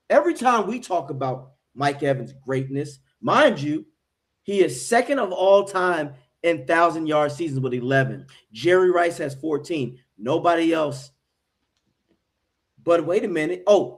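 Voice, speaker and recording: American man, fan sports-show host, brash, profane, slightly high voice. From United States.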